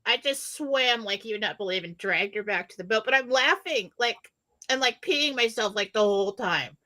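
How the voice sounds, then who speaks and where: Bright-voiced laughing woman storyteller. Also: on the high side, expressive, moderate pace. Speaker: co-host. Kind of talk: casual chat, storytelling.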